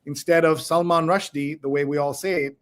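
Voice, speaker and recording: A man's voice: a little high, steady tone, quick pace. A middle-aged man hosting a casual news discussion, chatty and storytelling, often laughing. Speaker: host.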